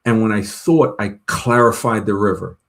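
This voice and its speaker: A man's voice: lowish voice, normal speed. A man telling long personal stories in a casual chat, rambling with many restarts and retold dialogue. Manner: rambling, full of restarts and "she goes" retellings.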